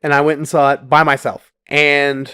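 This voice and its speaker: A man co-hosting a podcast, telling animated, profane stories in casual chat. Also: a little high, normal speed, clear, resonant tone, no echo, studio quality. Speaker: podcast co-host.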